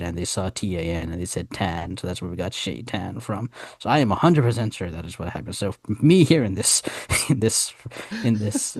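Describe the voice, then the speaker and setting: A man talking casually on a podcast, animated and emphatic, laughing as he explains. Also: low-pitched, dry recording, clean studio sound.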